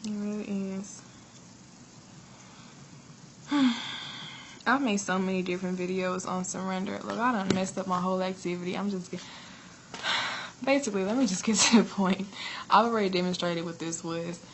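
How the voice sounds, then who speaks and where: A woman's voice: medium pitch, fairly even intonation, normal speed, pauses often, a little hiss or hum, low-quality recording. A woman sharing a spiritual testimony in a chatty, earnest way, often laughing as she retells it. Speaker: prophetess sharing a vision.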